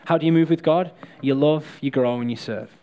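A man giving a sermon in a loose, joking manner, with a voice that sits a little high for a man. He talks straight to the crowd and keeps things light and friendly. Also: brisk, warm tone. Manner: chatty, joking, addresses the crowd directly. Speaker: preacher. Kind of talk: sermon with live props and volunteers.

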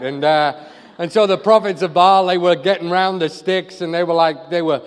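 A man from northeast England with a northeast English accent, preaching a lively, joking sermon. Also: on the high side, normal speed. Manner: lively, joking, animated storytelling. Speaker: pastor and charity leader. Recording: reverberant hall.

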